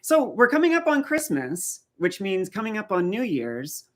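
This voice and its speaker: A man's voice: sits high, huge pitch swings, normal speed. A man from rural eastern Canada hosting a live stream in casual chat, telling stories and answering viewer comments. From rural east coast of Canada.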